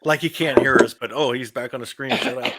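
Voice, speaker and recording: A man's voice: mid-range voice, fairly even intonation, brisk, very noisy. Sex: man. Role: joking podcast co-host. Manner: joking, makes up dialogue for others. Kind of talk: casual chat.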